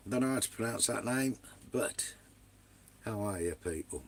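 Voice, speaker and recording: Husky man chatting live. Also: fairly low pitch, normal speed, pauses often. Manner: banterous, swears freely, calls viewers mate and son. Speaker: vanlife live streamer. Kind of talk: casual live-stream chat with viewers. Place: inside a camper van.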